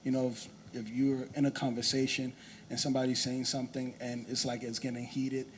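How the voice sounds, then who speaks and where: A man's voice: medium pitch, flat delivery, fairly quick, a little hiss or hum. A man speaking as a panelist in a church discussion, talking casually and often saying "you know".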